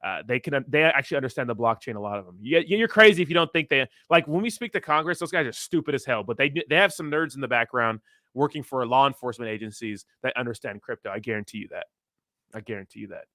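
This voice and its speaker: A man's voice: medium pitch, animated, fast, bright, forceful tone, no echo, studio quality. A young man hosting a crypto livestream in casual, rambling, profane chat, reading viewer messages aloud.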